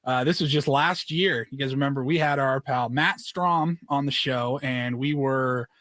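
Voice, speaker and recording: A man's voice: medium pitch, normal speed, a bit bright, dry recording. A male radio show producer chatting casually, easygoing and chuckling.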